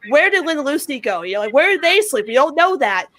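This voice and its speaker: High bright-voiced woman ranting. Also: quick pace. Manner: ranting, animated, many "like"s. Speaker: guest podcaster. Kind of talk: casual fan review chat.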